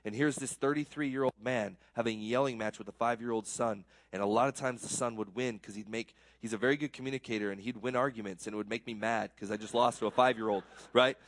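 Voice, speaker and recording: A man preaching in a plain, mid-pitched voice, speaking earnestly and poking fun at himself. His delivery swings from raised and quick to low and soft, stumbling over repeated words when he gets going. The sound is dry and close, with no room echo. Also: steady tone. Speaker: pastor. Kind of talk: conversational sermon.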